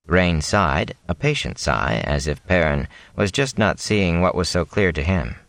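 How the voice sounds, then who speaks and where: A man reads a fantasy novel aloud in a very low voice that swings freely up and down. The sound is close and dry, with no room around it. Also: expressive, a little slow, vocal fry, hardly any pauses, a bit bright, no echo. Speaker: audiobook narrator. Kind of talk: storybook narration.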